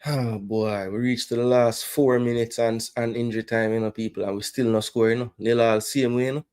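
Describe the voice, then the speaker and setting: A man with a Jamaican accent hosting a fan watch-along, reacting live to the match and yelling instructions at the players. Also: medium pitch, flat delivery, a little fast, smooth. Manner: swings between loud cries and muttered groans.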